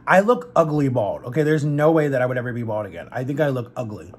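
A young man telling a personal story casually to camera while eating, animated and chatty. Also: medium pitch, quick pace, a little hiss or hum. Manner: chatty, animated retelling with quoted voices. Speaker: vlogger.

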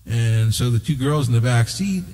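A man hosting a talk show, telling a story in an animated way and acting out what others said. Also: mid-range voice, normal speed, long reverb tail. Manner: animated, acts out quoted dialogue. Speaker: show host. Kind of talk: storytelling conversation.

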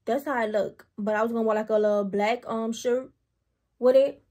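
A woman's voice: fairly high pitch, normal speed, recorded from a distance, rough recording. Chatty young woman vlogging from home. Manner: chatty, animated storytelling to viewers. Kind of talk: casual vlog chat.

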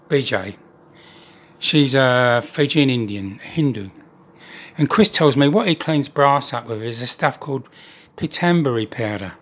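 A man's voice: mid-range voice, a bit bright. A man chatting to camera about his model trains, telling a joking story. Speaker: model railway hobbyist vlogger. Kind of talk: casual chat to camera.

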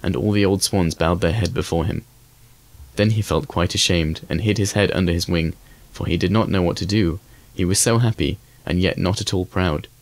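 Deep-voiced man reading a fairy tale. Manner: measured, even reading. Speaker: audiobook reader. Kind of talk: scripted storybook narration.

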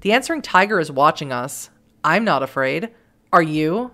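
A woman's voice: deep voice, sing-song, normal speed, sharp tone, heavily acted. A woman voicing a cruel, scheming female witch who taunts her enemies in a game. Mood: taunting. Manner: taunting, mocking.

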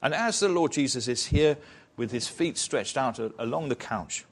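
A man's voice: mid-range voice, animated, a little slow, slight background noise. A man preaching an expository sermon in church, retelling a story in a conversational way with rhetorical questions.

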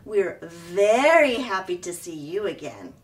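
A woman's voice: fairly low pitch, sing-song, slow, far from the mic. A woman reading aloud, voicing a sarcastic, bossy young female bear with a sneering, mocking manner.

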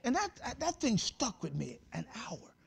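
A male pastor preaching a lively sermon in a very high voice that swings widely up and down. He talks to the congregation like a friend, mixing jokes with sudden shouts. It has the loose, conversational feel of a church sermon. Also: moderate pace, vocal fry, breathy edge. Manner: animated, humorous preaching with shouted peaks; conversational, addresses the congregation directly.

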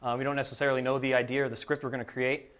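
Male improv writer on a panel, relaxed explainer, mid-pitched voice. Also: racing. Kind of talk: conversational panel talk.

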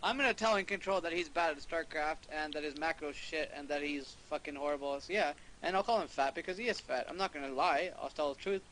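A man's voice: a little high, fast talker, few pauses, a bit bright, a little hiss or hum, rough recording. A young man arguing bluntly and defiantly as a guest in a heated casual chat. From Canada.

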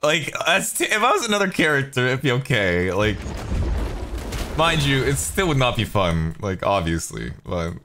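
A young man giving profane, excitable live commentary over his own gameplay, swinging into frustrated shouts. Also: medium pitch, normal speed, a little hiss or hum. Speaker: gaming commentator. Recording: game music playing underneath. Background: game music.

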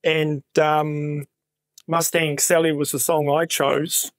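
A middle-aged man with a New Zealand accent, a guest actor on a podcast, telling animated anecdotes in a casual chat with voiced quotes of other people. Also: a little high, slow pace, dry recording, studio quality.

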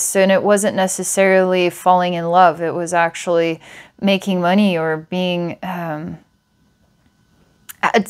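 Woman psychic giving a meandering reading. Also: on the low side. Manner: meandering, with filler words and small laughs. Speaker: psychic reader. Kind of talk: guided past-life reading to a client.

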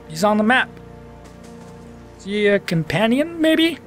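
A man giving casual let's-play commentary. He is excitable, swears casually, and talks back to the game as he plays. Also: high-pitched, a little slow, pauses often, soft background music.

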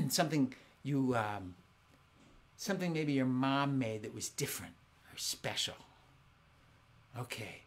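A man hosting a live-streamed family concert, chatting excitedly with viewers at home between songs. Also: medium pitch, a little slow, long pauses. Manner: excitable, chatty, warm with kids. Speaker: family concert singer and host. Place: home in Southern California.

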